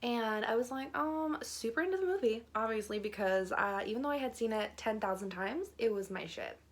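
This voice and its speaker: A woman's voice: on the high side, lively intonation, brisk. A young adult woman telling a story on her vlog in a chatty, filler-heavy way, often breaking into laughter. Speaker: vlogger.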